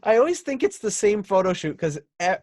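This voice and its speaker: A man's voice: high-pitched, big pitch swings, a little fast, darkish tone. A man co-hosting a podcast in casual chat, joking around and reading out listener posts. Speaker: podcast co-host.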